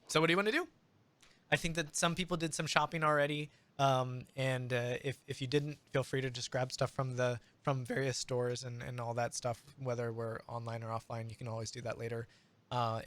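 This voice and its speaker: A man guides a tabletop game as its game master. His voice is bright and forward, and his delivery is loose and rambling, full of ums and restarts. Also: mid-range voice, dry recording. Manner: rambling, lots of fillers.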